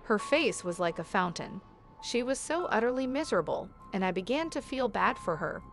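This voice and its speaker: A woman tells a creepy story in a scripted narration style, with a voice that sits at a middle pitch. She gives the dialogue only a light touch of character and keeps a steady storytelling pace. A faint music bed runs quietly behind her. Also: normal speed.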